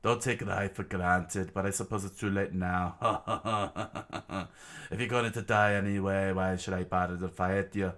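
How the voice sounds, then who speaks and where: A man voicing a smug, cruel middle-aged villain with a slow, sneering delivery while reading a comic aloud. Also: deep voice, steady tone, fairly bright tone.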